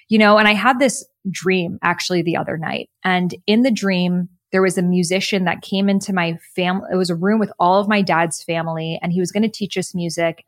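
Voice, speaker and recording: Earnest, animated woman telling her story. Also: on the low side, no room sound, studio quality. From United States. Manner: earnest, animated, spiritual-motivational talk. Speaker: podcast guest, author and coach. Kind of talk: reflective conversational storytelling.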